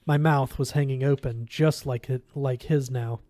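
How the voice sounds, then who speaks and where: A man reading a novel aloud in a steady first-person narration. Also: mid-range voice, normal speed, no echo. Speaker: reader.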